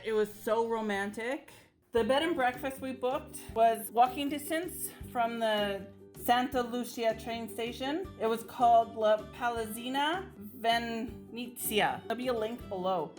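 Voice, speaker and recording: A woman travel vlogger chatting casually and enthusiastically about a trip. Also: a little high. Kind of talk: casual travel vlog chat. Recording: music bed under voice.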